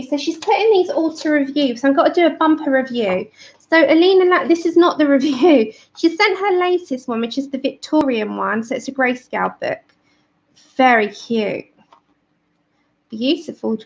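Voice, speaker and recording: A high-pitched woman chats from home as she hosts a live colouring stream. She laughs easily, apologises, and greets viewers by name, a little out of breath. The audio is dull and lo-fi. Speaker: livestream colouring host. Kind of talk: casual live-stream chat.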